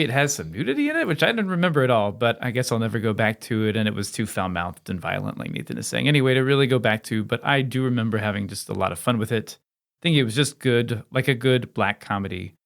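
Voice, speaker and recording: A man's voice: mid-range voice, lively intonation, quick pace, creaky, a bit bright. Chatty eager male podcast co-host. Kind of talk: casual movie-review chat.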